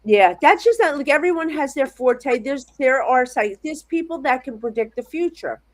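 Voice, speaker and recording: A middle-aged American woman chats from her home office desk over a video call, her voice sitting a little high for a woman. She tells her stories in a rambling, animated way, tripping over restarts as she goes. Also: normal speed. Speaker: psychic medium guest. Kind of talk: casual interview chat.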